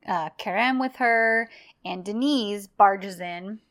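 Woman, podcast co-host, casual storytelling, mid pitch, retells plot. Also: slow, a bit bright. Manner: storytelling, narrates plot with quoted lines. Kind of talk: casual recap chat.

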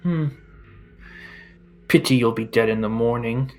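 A man's voice: mid-range voice, unhurried, a little mellow, natural voice. A man doing a sneering cruel jailer. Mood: leering. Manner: taunting, contemptuous.

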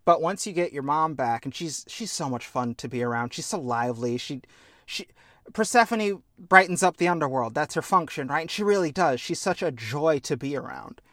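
A man talking through a video game on a podcast with heartfelt, animated earnestness. His voice sits a little high for a man. The sound is dry and close, with no room echo. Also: normal speed. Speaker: podcast co-host. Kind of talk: casual chat about a video game.

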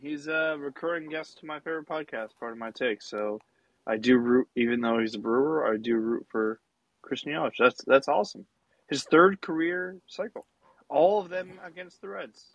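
A man's voice: on the high side, normal speed, no room sound, lo-fi sound. A man co-hosting a podcast, chatting casually and rambling with lots of restarts and fillers. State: has the hiccups. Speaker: podcast co-host. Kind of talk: casual sports chat.

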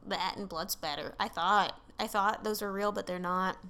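A woman's voice: mid-range voice, steady tone, moderate pace, pushed and bright, smooth. A woman co-hosting a podcast, telling a story in casual chat over a call, full of fillers and asides. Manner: rambling, filler-heavy, swears casually. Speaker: podcast co-host telling a case. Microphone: remote call.

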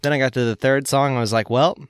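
A man's voice: medium pitch, steady tone, racing, smooth, dry recording, clean studio sound. Rambling Southern man hosting a podcast. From northern Florida. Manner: rambling, joking, many fillers. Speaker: podcast host. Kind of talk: casual chat.

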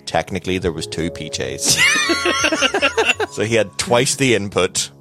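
A man's voice: sits low, animated, a little slow, shouting, music in the background. A man co-hosting a podcast in casual chat who steers the talk and reads out lists. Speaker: podcast co-host.

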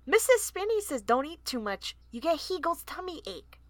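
A woman's voice: sits high, very animated, normal speed, no echo, pitched above the performer's own voice. A woman voicing an eager baby male dormouse, speaking in childish broken grammar.

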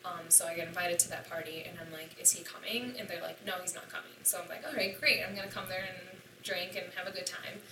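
A woman's voice: lowish voice, steady tone, fast, hardly any pauses, noisy background. A woman in her twenties, a podcast guest, telling a personal story in a candid, profane way and acting out the dialogue. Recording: echoey room, distant mic.

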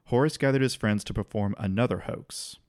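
A man's voice: lowish voice, a little fast, no room sound, clean studio sound. A man co-hosting a podcast, casually telling a history story with easy restarts and the odd laugh. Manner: relaxed, occasional restarts, laughs while telling.

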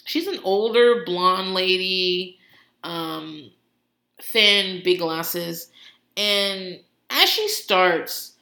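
A woman's voice: lowish voice, animated, drawn-out words, bright, forceful tone. A woman host giving a casual comedic recap, swearing freely and laughing often as she talks. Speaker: podcast host. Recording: roomy echo.

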